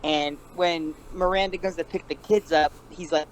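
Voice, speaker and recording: A man's voice: a little high, steady tone, normal speed, a little hiss or hum, poor audio. A young man co-hosting a casual movie podcast, eagerly quoting and imitating lines from the film. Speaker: podcast co-host. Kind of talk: casual movie review chat.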